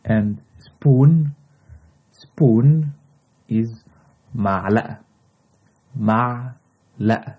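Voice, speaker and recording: A man with an Egyptian accent teaches vocabulary at an unhurried pace, saying each word over and over. His low voice is husky, and the recording sounds dull and lo-fi. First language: Egyptian Arabic. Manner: repeats each word several times, drawn-out and patient. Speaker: language teacher. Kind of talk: slow vocabulary lesson with repetition.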